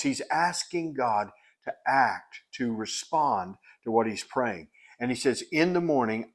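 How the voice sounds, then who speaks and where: Earnest man teaching a Bible lesson. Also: mid-range voice. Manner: earnest and explanatory, with frequent restarts and fillers.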